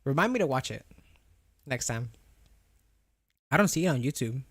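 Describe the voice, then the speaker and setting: A man's voice: medium pitch, expressive, moderate pace, breathy edge, dry recording. Young guy streaming, slight lisp on r's and w's, rambly chatter, dry close sound. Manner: chatty, rambling, answers chat with frequent restarts and laughs. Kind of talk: casual live-stream chat.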